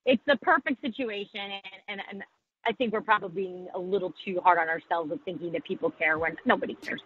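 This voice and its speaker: A woman's voice: medium pitch, steady tone, brisk, breathy edge, narrow, tinny audio. A woman sports reporter talking candidly in a podcast interview, poking fun at herself. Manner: candid, self-deprecating, quotes people in put-on voices.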